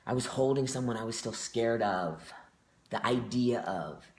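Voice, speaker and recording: A man's voice: mid-range voice, expressive, unhurried. A man in his forties, a stage performer telling stories in an interview with a heartfelt, earnest manner. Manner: heartfelt, earnest, emotionally open. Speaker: guest performer. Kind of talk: storytelling in an interview.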